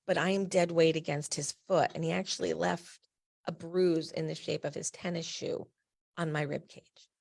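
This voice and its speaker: A woman's voice: deep voice, steady tone, moderate pace, vocal fry, darkish tone. A middle-aged woman from New Jersey, a patient advocate and founder, tells a personal story in a candid, emphatic way with blunt asides.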